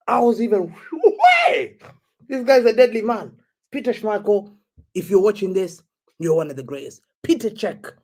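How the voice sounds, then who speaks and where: A young man with a high voice co-hosts a football podcast. His casual banter is excitable and teasing, and he laughs often.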